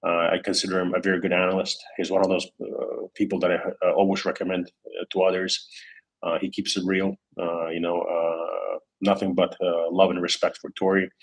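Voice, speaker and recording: A man's voice: sits low, completely flat delivery, fairly quick, poor audio. A man hosting a casual livestream, rambling with many fillers and restarts while he reads out chat comments. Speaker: crypto livestream host.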